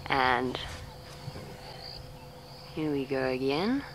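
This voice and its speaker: A woman safari guide, speaking softly and calmly outdoors, coaxing an elephant and explaining to viewers. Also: rumbling low, drawn-out words, rough recording. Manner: calm, coaxing, talks gently to the animal. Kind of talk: live commentary to viewers while coaxing an elephant. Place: outdoors in a safari vehicle in the bush. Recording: faint outdoor bush noise, insects.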